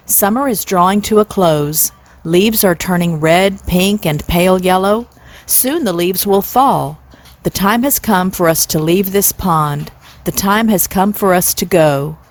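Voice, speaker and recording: A woman's voice: lowish voice, a little slow, natural voice. A woman in her sixties voicing a stately, pompous father swan who speaks in long, formal, flowery sentences in a storybook reading. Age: 60s.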